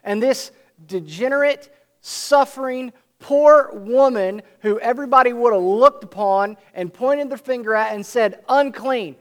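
A high-pitched man delivers an earnest sermon. He reads passages of scripture and then explains them, drawing out key words and lifting his voice to drive them home. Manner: earnest preaching, slows and swells for emphasis. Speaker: preacher.

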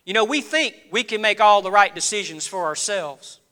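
A man preaching a sermon in a church, swinging between low, quiet lines and loud, rising appeals. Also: expressive, moderate pace. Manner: preaching with rising and falling intensity, dropping low then building loud. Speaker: pastor.

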